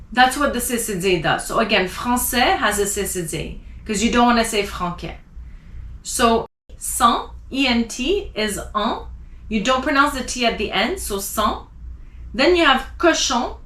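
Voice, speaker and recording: A woman teaching French pronunciation, spelling out letters and slowly repeating example words. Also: on the high side, fairly bright tone, reverberant.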